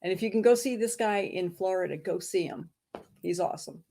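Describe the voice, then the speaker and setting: A woman hosting a casual interview, chatty and quick to laugh, wrapping up with her guest. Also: mid-range voice. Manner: warm, laughs easily, chatty. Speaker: podcast host.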